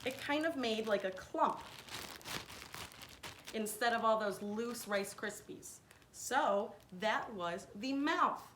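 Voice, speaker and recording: A woman with a fairly high voice walks children through a hands-on science lesson one step at a time. She explains clearly and patiently. The recording rings around an echoey room, with a faint hiss underneath. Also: expressive, takes it slowly, fairly bright tone. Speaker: science teacher.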